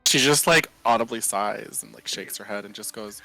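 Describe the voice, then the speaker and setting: A man plays his character in a tabletop game with wry, teasing banter. His voice sits low, and the sound is dry and close with faint music underneath. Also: steady tone, normal speed, few pauses, bright, forceful tone, no room sound, low-quality recording. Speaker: player. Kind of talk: in-character tabletop role-play.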